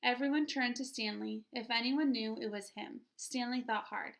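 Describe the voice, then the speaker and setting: A woman teacher reads a children's picture book aloud with lots of expression. Her voice sits a little high, and she pauses to ask her young listeners what will happen next. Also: fairly even intonation, creaky.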